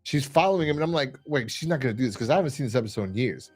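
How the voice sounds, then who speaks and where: A man's voice: medium pitch, lively intonation, racing, breathy edge, soft background music. A man co-hosting a casual review podcast, retelling scenes with lots of fillers and quoted lines. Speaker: podcast co-host. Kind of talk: casual chat.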